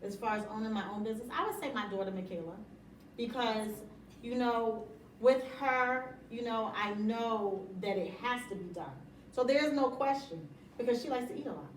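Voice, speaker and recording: A woman's voice: a little high, normal speed, roomy sound, distant mic, slight background noise, rough recording. A middle-aged woman talking about running her business in a casual interview, emphatic and motivational, often laughing. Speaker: interview guest, business owner.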